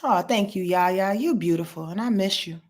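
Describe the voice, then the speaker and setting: A woman astrologer hosting a casual live stream, talking in an animated, emphatic way, often repeating words as she searches for them, and swearing in passing. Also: medium pitch, moderate pace. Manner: frank and salty, swears in passing.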